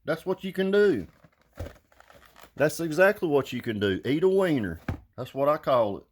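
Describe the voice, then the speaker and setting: A man's voice: a little high, sing-song, normal speed, a little hiss or hum. A man telling a story to his viewers in a casual rant, blunt and heavy with profanity. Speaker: vlogger.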